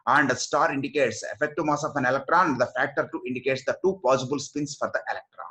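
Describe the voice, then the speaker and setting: A man's voice: medium pitch, a bit bright. A man giving a recorded physics lecture, explaining step by step and reading out formulas.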